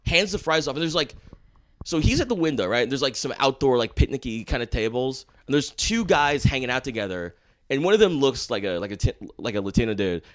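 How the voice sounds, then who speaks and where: A male stand-up comedian from Washington, D.C., chatting as a podcast guest. He tells his stories in a loose, slangy way and swears constantly. His pitch jumps up and down a great deal as he talks. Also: a little fast. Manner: animated, swears a lot, slangy. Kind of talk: casual storytelling chat.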